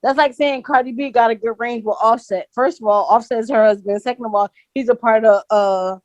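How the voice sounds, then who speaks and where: A woman co-hosting a podcast, arguing her case in a heated casual debate, repeating her points and getting loud. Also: fairly high pitch, fairly even intonation, brisk, no echo, dull audio. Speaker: podcast co-host.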